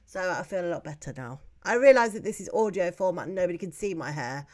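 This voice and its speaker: A woman's voice: fairly low pitch, animated, fast talker, a little mellow. A woman co-hosting a podcast in casual chat, chatty and self-mocking. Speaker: podcast co-host.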